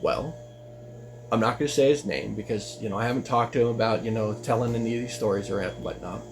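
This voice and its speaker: A man's voice: fairly low pitch, fast talker, noisy background. A man tells a personal story straight to camera in a loose, casual way. He rambles and restarts, leaning on "you know" and "like", and his voice jumps up as he gets worked up. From United States. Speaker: vlogger.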